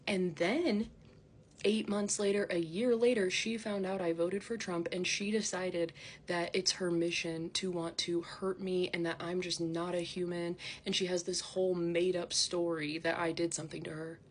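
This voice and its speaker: Woman vlogger, somewhat low voice, indignant and defensive rant to camera, heavy on "like" fillers. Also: a little hiss or hum. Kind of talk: ranting to camera.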